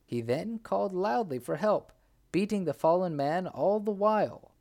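A man's voice: high voice, moderate pace, creaky. A man reading a folk tale aloud as narrator, bringing the characters' cries to life. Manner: lively, acts out the characters' cries. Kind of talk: storybook reading.

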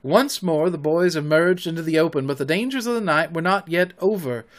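A man hosting a podcast, reading a children's story aloud with expressive narration. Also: on the high side, a little fast.

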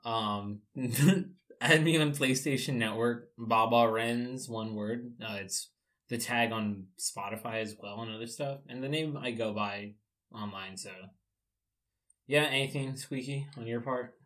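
A man hosting a casual podcast, relaxed and joking, with plenty of slang. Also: mid-range voice, measured pace. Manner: laid-back, laughs often, casual slang. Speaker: podcast host.

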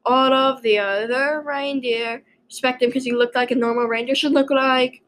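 A woman hosting her own casual episode, talking to listeners in a loose, joking ramble. Her voice sits a little high, and she fills pauses with plenty of ums and uhs and starts some sentences over. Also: steady tone, a bit bright, rough recording. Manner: rambling and jokey, many fillers and restarts. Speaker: podcast host. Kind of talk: casual solo episode monologue.

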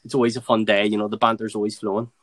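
A man's voice: fairly low pitch, little pitch movement, very fast, fairly bright tone, no echo. A man chatting casually as a podcast guest, easygoing, with frequent laughs and fillers. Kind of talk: casual chat.

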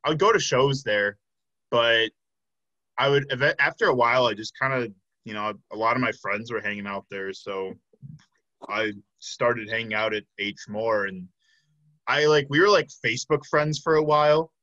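A man hosting a podcast in casual chat, hesitant, with lots of fillers, trailing off softly. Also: mid-range voice, moderate pace, no room sound, muffled recording. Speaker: podcast host.

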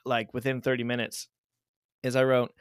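A man co-hosting a podcast, talking in a loose, rambling way with lots of jokes and jabs at himself. His pitch sits in the middle of the usual range for a man. The sound is dry and close, with no room echo. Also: flat delivery, normal speed, smooth. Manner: rambling, joking storyteller; self-deprecating. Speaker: podcast co-host. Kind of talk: casual podcast chat.

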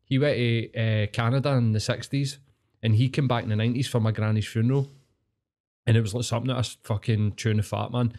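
A man's voice: medium pitch, fairly even intonation, fast talker, a little mellow. A middle-aged man from Glasgow with a Glaswegian Scottish accent, telling sweary anecdotes in a casual podcast chat. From Glasgow, Scotland. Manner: sweary, anecdotal, laughing storyteller.

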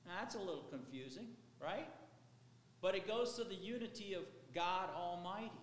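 A man's voice: sits high, normal speed. A man, a pastor, preaching a sermon in a conversational, rambling way. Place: church sanctuary. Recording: echoey hall with faint ambience.

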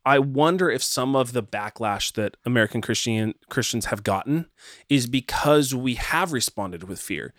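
A man's voice: mid-range voice, expressive, normal speed, a bit bright, no room sound, clean studio sound. A man in a casual faith discussion, thinking aloud reflectively with frequent fillers and restarts.

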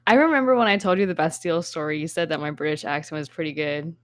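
A woman's voice: low voice, no room sound. Bubbly, teasing woman podcast host. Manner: bubbly, quick to laugh, teasing. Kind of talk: casual podcast chat.

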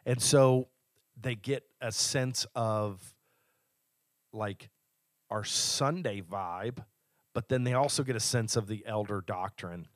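A man's voice: fairly low pitch, slow pace, long pauses, no room sound, clean studio sound. Enthusiastic church podcast man. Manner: enthusiastic, teasing. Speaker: church elder and podcast co-host. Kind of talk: casual chat.

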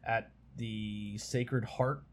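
A man's voice: on the low side, fairly even intonation, drawn-out words, a little hiss or hum. A man hosting a casual podcast chat, talking in a rambling way with many restarts, his voice strained from overuse. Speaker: podcast host.

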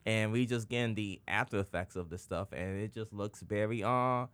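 A man co-hosting a podcast in casual chat, animated and acting out his own reactions in quoted voices. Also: fairly low pitch, normal speed, smooth, dry recording. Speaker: podcast co-host. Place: Chicago area.

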